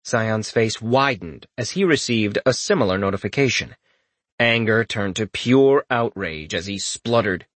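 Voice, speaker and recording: A man narrating a fantasy audiobook in an expressive storytelling manner. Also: fairly low pitch, measured pace, dry recording.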